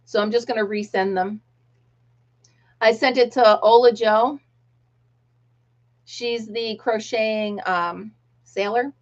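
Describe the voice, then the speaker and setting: A woman's voice: fairly high pitch, fairly even intonation, takes it slowly, long pauses. A middle-aged American woman hosting a casual live chat, reading viewer comments aloud and laughing often. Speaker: livestream host. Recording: dull lo-fi livestream audio.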